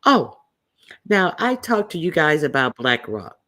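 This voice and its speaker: A man's voice: fairly high pitch, very animated, measured pace, sharp tone. A man hosting a casual livestream, talking loosely with many fillers and restarts. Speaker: livestream host.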